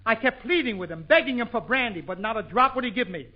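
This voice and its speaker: A man's voice: extremely high pitch, animated, fast talker. A man hosting a 1940s radio comedy show, punching out jokes in a bouncy, playful way. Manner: bouncy, joke-punching delivery with frequent laughs. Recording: muffled 1940s radio broadcast with studio audience.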